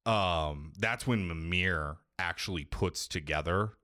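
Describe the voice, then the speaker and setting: Low-voiced man ramblingly recapping a game. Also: slow, sharp tone, no room sound, clean studio sound. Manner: rambling, profane, acts out quoted lines. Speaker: podcast co-host recapping a game. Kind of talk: casual chat.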